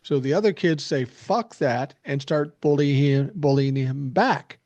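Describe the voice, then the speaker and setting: An older man hosts a podcast in casual chat, speaking at a somewhat high pitch. He explains things at length and gives firm opinions, and his voice sounds dry, with no room around it. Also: measured pace, darkish tone, no room sound, lo-fi sound. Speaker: podcast host.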